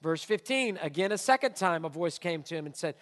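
A male pastor preaching a sermon with emphatic delivery, swinging from quiet asides to loud, shouted points. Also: fairly high pitch, lively intonation, a little fast, in a large hall.

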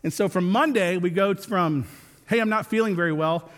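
High-voiced man preaching in a hall. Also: moderate pace. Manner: earnest with joking asides. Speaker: pastor. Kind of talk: sermon. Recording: long reverb of a large hall.

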